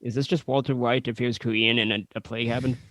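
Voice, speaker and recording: A man's voice: medium pitch, little pitch movement, fast, fairly bright tone, no echo. Blunt, opinionated podcast guy. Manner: blunt, opinionated, mimics characters. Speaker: podcast co-host. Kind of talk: casual chat.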